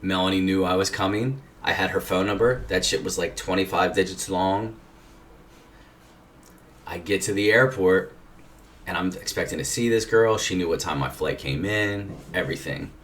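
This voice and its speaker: A man with a very low voice spins a rambling, profane anecdote in a laid-back storytelling manner. The mic sits some way off. A faint background noise runs underneath. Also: moderate pace, a bit bright, far from the mic. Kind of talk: casual anecdote telling.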